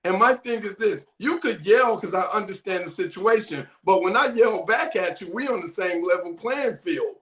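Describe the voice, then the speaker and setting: A man's voice: sits high, animated, moderate pace, few pauses, fairly bright tone, roomy sound. A man on a casual panel, telling stories in a blunt, emphatic way with swearing. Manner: emphatic, blunt, profane storytelling. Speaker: panel guest.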